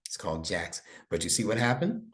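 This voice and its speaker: A man's voice: fairly low pitch, big pitch swings, a little fast, a bit bright. A middle-aged man tutoring a young student one-on-one, explaining patiently step by step and checking that he is understood. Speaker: Arabic instructor and imam.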